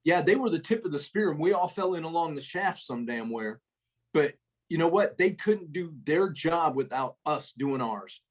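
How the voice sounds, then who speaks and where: A middle-aged retired first sergeant, appearing as a podcast guest in a casual storytelling interview, spins rambling, profane, folksy army tales. His voice is a little high with lively intonation and a moderate pace.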